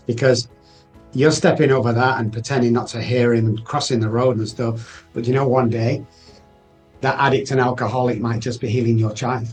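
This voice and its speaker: Earnest storytelling man. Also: mid-range voice. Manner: earnest, animated, acts out past conversations. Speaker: podcast guest. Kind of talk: emotional personal storytelling.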